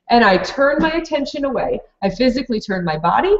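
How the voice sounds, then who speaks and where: A woman's voice: on the high side, sing-song, a little fast, roomy sound, dull audio. A woman who runs a preschool program, presenting a live online training for teachers in a practical, explanatory way with many fillers and restarts.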